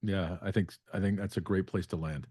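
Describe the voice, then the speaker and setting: A man's voice: deep voice, steady tone, a little fast, a little mellow, slightly rough, no room sound, clean studio sound. A man hosting a podcast interview, casual and appreciative of his guest. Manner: upbeat, appreciative. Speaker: podcast host.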